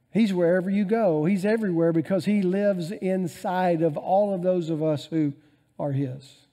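A male pastor preaching a sermon, swinging between loud emphasis and quiet asides. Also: a little high.

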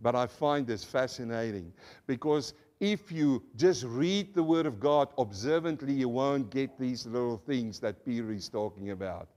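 During a church service, a male pastor preaches to his congregation, leading call-and-response and using rhetorical questions to explain word meanings step by step. His medium-pitched voice is a little mellow and moves at a moderate pace.

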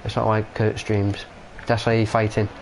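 A hoarse man live-streaming a football game, reacting with exasperated jokes. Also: lowish voice, monotone, moderate pace, crowd noise, poor audio.

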